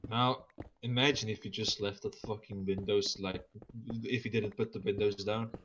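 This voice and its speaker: A man with a bright, forceful voice rambles and curses freely while chatting over a game stream. The mic sounds dull and lo-fi, and a faint hiss sits under his voice. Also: on the low side, steady tone, moderate pace. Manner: swears a lot, rambling. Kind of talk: casual gaming chat.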